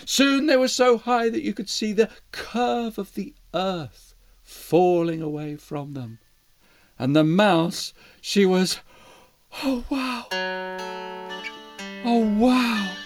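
A storyteller reading a children's tale in a gentle, expressive way. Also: medium pitch, slow pace, soft background music. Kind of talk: bedtime story narration.

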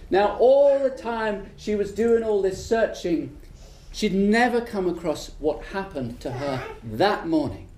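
A woman telling a folk tale aloud, with dramatic, repetitive, drawn-out phrasing. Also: mid-range voice, warm tone, slight background noise. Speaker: storyteller. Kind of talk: oral storytelling. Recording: roomy echo with music behind.

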